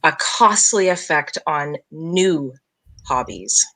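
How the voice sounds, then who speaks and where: Woman, podcast guest, low-ish pitch, bright tone, casual, self-deprecating, filler-heavy. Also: expressive, slow pace, poor audio. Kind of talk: casual chat.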